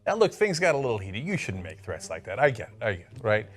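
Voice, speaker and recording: A man's voice: fairly low pitch, wildly swooping pitch, fast talker, soft background music. A man hosting a political commentary show, talking sarcastically and mocking his opponents. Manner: sarcastic, mocking, mimics others. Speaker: host.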